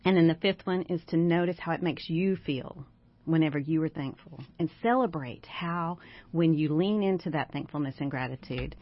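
A woman's voice: low-pitched, normal speed. A woman guest life coach giving encouraging, step-by-step advice on gratitude in a casual talk. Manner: warm, encouraging, lists steps. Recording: dry dull lo-fi sound.

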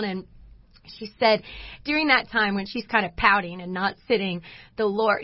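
A woman's voice: mid-range voice, no room sound, muffled recording. A woman co-hosting a Christian radio talk show, telling a story with lots of laughter. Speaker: radio show co-host, coach. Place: radio studio.

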